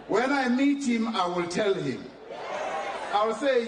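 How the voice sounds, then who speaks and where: A man's voice: sits high, expressive, measured pace, long pauses. A man with a South African accent giving a defiant, emphatic public speech. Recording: distant mic, echoey, noisy background.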